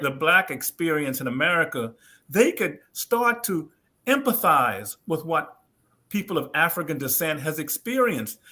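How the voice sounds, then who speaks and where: A man speaking as a guest writer in an interview, reflective and deliberate, sometimes correcting himself. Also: a little high, sharp tone. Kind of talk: interview answer.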